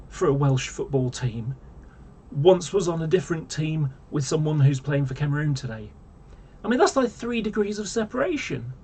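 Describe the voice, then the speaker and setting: A man's voice: fairly high pitch, darkish tone, husky. A man ranting casually to camera, rambling and exasperated, full of fillers and restarts. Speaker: vlogger.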